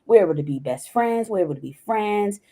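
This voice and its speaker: A woman's voice: mid-range voice, expressive, brisk, mellow. A woman speaking as a podcast guest in a casual, open interview, acting out past conversations as she talks. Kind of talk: casual candid interview talk.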